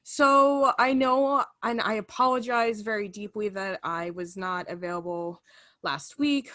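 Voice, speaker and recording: A young woman in her twenties co-hosting a podcast in casual chat, animated and full of fillers. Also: mid-range voice, moderate pace. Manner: chatty and animated, lots of fillers. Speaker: podcast co-host.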